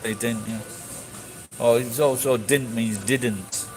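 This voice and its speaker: A man talking off the cuff to his viewers, swearing freely and restarting his sentences as he goes. His voice sits at an ordinary middle pitch, and music plays clearly behind him. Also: fairly even intonation, slow, darkish tone, low-quality recording. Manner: blunt, sweary, rambling with restarts. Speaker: streamer answering chat. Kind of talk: casual chat.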